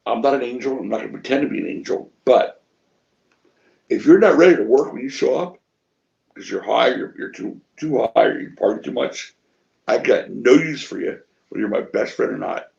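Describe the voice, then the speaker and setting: A middle-aged man spins stories with lively swings of pitch and a gravelly edge, acting out each quote and swearing freely. The sound is dull and lo-fi. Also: brisk. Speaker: wrestling promoter interviewee. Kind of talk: shoot interview storytelling.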